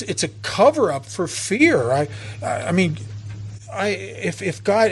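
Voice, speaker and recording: A man with a fairly high, husky voice speaks at a recovery meeting. He talks earnestly and personally, often stumbling and restarting his sentences as he tells his stories. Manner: earnest, storytelling, frequent restarts.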